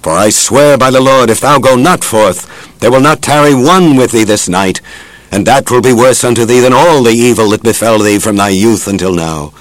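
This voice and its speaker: A man's voice: mid-range voice, moderate pace, no echo, close to an everyday voice, rough recording. A man voicing a stern male army commander who rebukes his king, read in a solemn scriptural style. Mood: rebuking.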